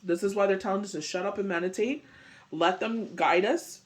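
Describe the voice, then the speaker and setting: Speaking at a normal speed in a high-pitched voice, a man delivers a casual daily tarot reading. He's recovering from a bad cold and rambles a lot, saying "you know" and "it's just like" throughout.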